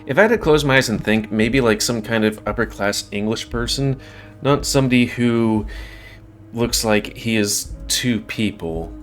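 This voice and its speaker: A man's voice: medium pitch, normal speed. A man casually commenting while playing a video game, rambling and joking as he thinks aloud. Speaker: gameplay streamer. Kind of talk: casual let's-play commentary. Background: faint game music.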